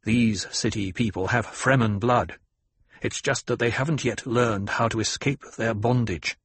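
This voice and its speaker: A man voicing a young rebel leader who speaks firmly and commandingly, in a husky voice. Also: fairly low pitch, a little slow, fairly bright tone, dry recording, full character voice. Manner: firm, commanding. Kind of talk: audiobook character voice.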